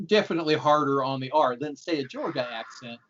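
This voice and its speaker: A man's voice: mid-range voice, animated, fast talker, a bit bright. Rambling American man on a dull call. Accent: General American. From United States. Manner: rambling with restarts and laughs. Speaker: guest game designer. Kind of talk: casual video call chat. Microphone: video call. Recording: slightly dull video call audio.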